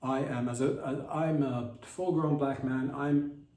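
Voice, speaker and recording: A man hosting a podcast, riffing through an absurd comedic monologue in a deadpan, rambling way with many restarts. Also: mid-range voice, a little slow. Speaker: podcast host. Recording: echoey room, distant from mic.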